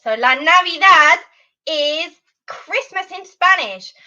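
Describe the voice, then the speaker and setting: A woman leading an online Spanish lesson for children, animated and encouraging. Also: high voice, highs cut off. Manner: animated, encouraging, sing-song teacher voice.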